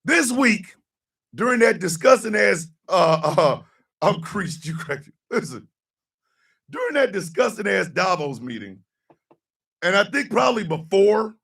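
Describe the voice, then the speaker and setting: A raspy, bright-toned man hosting a radio show from a bit back off the mic. His pitch swings wildly as he jokes, shouts and rants in mock outrage. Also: sing-song, measured pace, distant mic. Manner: rowdy, profane, shouting bursts and mock outrage. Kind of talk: loud comedic live-stream banter.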